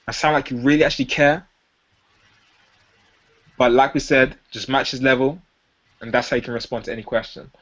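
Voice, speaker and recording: A young man coaching sales technique on a dull, lo-fi recording, his voice pitched a little above most men's. He teaches directly to viewers and keeps stopping to act out sample sales lines, changing his tone to show how each one should sound. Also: fairly bright tone. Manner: demonstrates sales lines by acting them out in different tones. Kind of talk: instructional talk to camera.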